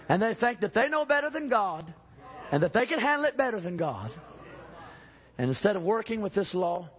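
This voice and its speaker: A man preaching a sermon in a church, emphatic, swinging from shouting to low urging and calling out to the congregation. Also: dull audio.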